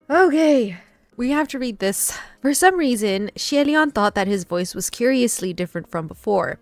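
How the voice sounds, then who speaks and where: A higher-voiced woman reads a novel aloud, then keeps stopping to react with laughs and squeals. Her voice is close and dry. Faint music plays underneath. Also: normal speed, dry recording. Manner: excitable, laughing, squealing and breaking off mid-sentence.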